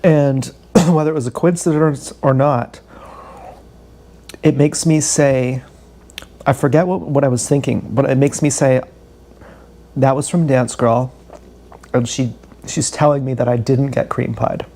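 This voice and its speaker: A man's voice: mid-range voice, steady tone, unhurried, pauses often, warm tone, slight background noise. A man telling a long, candid, swearing story about his day in a rambling vlog. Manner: swearing, candid, self-deprecating, repeats himself. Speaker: vlogger.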